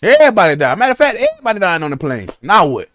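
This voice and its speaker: Animated young man in slangy reaction chat. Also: high-pitched, racing, no room sound. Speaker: streamer reacting to a story video. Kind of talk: casual reaction commentary. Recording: music playing behind.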